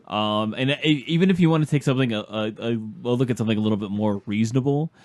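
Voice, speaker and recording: A man's voice: mid-range voice, fast talker, a little mellow. A man co-hosting a casual podcast, hesitant and often stammering over restarts. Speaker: podcast co-host. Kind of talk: casual chat about card game.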